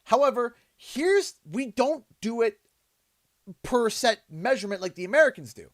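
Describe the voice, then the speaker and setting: A man with a Canadian accent, hosting a livestream and telling a casual story in an animated, exasperated way. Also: extremely high pitch, moderate pace, dry recording, studio quality. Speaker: livestream host. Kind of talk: casual storytelling while streaming.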